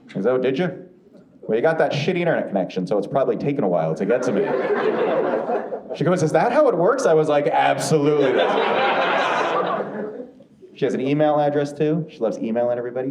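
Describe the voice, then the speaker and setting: Lively male stand-up comic in a club. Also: a little high. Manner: animated storytelling, acts out quoted voices. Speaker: stand-up comedian. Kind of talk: stand-up comedy set. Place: comedy club stage with audience. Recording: roomy club sound with crowd laughter.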